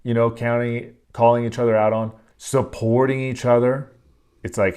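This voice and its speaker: A man's voice: mid-range voice, little pitch movement, moderate pace, a little mellow, smooth. A man hosting a podcast, giving a blunt, earnest motivational talk full of swearing and casual fillers. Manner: blunt and profane, with frequent filler words; emphatic and earnest, stressing key phrases. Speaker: podcast host.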